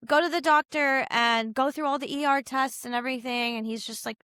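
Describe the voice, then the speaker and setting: Bright, chatty young woman telling a story. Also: high voice, fairly quick, clean tone, no echo, studio quality. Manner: chatty, heavy use of "like" and "you know", animated quoting of others. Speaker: podcast guest. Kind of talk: casual storytelling in an interview.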